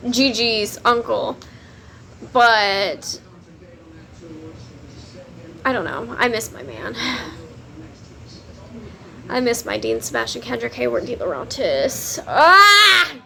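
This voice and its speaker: A woman's voice: fairly high pitch, expressive, slow, vocal fry, pauses often, a crowd in the background. A young woman, chatting casually to camera about books, swearing freely and laughing often. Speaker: book vlogger.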